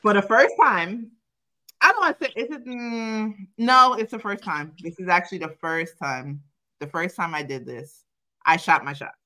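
A young adult woman co-hosting a podcast, telling a personal story in casual chat, profane and animated, quoting herself and laughing often. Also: mid-range voice, moderate pace. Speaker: podcast co-host.

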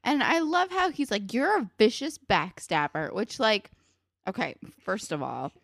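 A young woman talks about a show in casual chat, her pitch swinging widely as she vents. She gives exasperated, sarcastic commentary. The recording is dry and close. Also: sing-song, measured pace, no echo.

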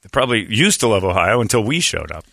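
A man's voice: fairly low pitch, fast, creaky, dry recording, clean studio sound. An American man in his forties hosting a casual talk show, telling stories animatedly and slipping into mimicked voices. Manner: animated storyteller, mimics accents and other voices. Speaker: radio show host. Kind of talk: casual chat.

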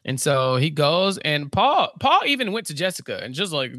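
A woman's voice: sits low, very animated, moderate pace, few pauses, fairly bright tone, no echo, studio quality. A woman co-hosting a podcast, chatting casually as she recaps a show and acts out characters in exaggerated voices. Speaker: podcast co-host. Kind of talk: casual episode recap chat.

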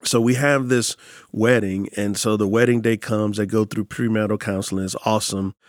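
A man's voice: fairly low pitch, fairly quick, no room sound, clean studio sound. A man who is a pastor, telling stories in an interview and acting out the quotes in them. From San Antonio, Texas. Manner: animated storyteller, acts out quotes. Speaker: pastor and author. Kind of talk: storytelling in an interview.

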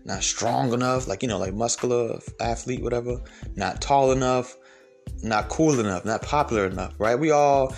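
A man's voice: medium pitch, normal speed, faint music behind. A young man giving a blunt, confrontational commentary rant, profane and rambling with frequent restarts. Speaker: commentary vlogger. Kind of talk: ranting commentary to camera.

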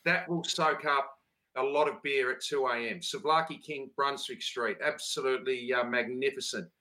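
Bright-voiced Australian man telling stories. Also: medium pitch, steady tone, moderate pace, poor audio. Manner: storytelling, enthusiastic, laid-back. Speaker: podcast host. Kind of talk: casual chat.

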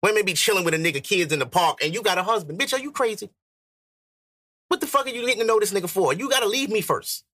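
A man's voice: high voice, lively intonation, fast talker, sharp tone, no room sound. A man hosting a podcast, arguing his point bluntly in casual, profane chat. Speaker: podcast host.

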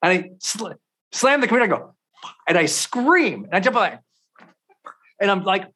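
A middle-aged man giving a motivational talk as a podcast host, telling stories with intense swings from quiet to loud. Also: sits high, big pitch swings, moderate pace, slightly rough.

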